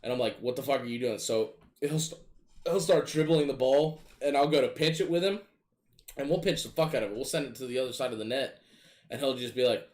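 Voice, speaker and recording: A man casually telling gaming stories in a profane, animated, exasperated way. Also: medium pitch, a little fast. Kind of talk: casual storytelling chat.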